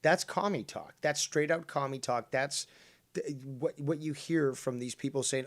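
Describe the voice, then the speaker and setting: A man co-hosting a casual chat, sarcastic and mocking, throwing out loud jabs. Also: on the high side, unhurried.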